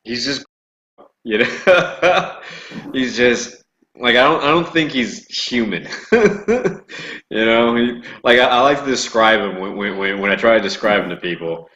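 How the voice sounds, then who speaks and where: A man's voice: mid-range voice, lively intonation, unhurried, pushed and bright, dull audio. A man recalling his Marine deployment in a casual, profane chat, often laughing. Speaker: former Marine, guest. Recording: echoey room, faint noise.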